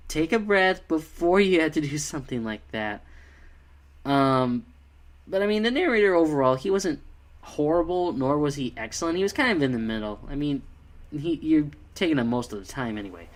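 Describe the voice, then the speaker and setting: A man giving a casual spoken review of a fan film, rambling and critical with many fillers. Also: fairly high pitch.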